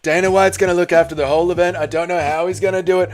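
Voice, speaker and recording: A man hosting a casual livestream, reading chat aloud, swearing often and excitedly thanking donors. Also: a little high, fast talker, few pauses, background noise. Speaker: livestream host.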